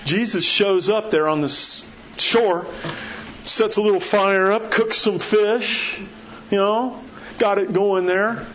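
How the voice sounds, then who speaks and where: A male pastor preaches in a relaxed, conversational way, acting out the quotes and sinking low and quiet for his key points. His voice sits a little high for a man. The recording is slightly dull, with a faint hiss behind him. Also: slow pace. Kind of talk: sermon. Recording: dull muffled sound with faint background hiss.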